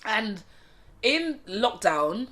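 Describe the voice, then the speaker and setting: A woman. Her tone is bright and clear, and she tells stories with lots of animated energy, swearing and laughing along the way. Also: mid-range voice. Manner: animated storyteller, swears a lot, laughs often. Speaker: guest. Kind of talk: casual conversation.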